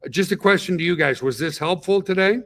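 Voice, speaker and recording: A man's voice: high-pitched, quick pace, fairly bright tone. A middle-aged man hosting a webinar, talking casually and asking "okay?" and "guys" to check in with his listeners. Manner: chatty, peppers talk with "okay?" and "guys". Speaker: webinar host, company founder.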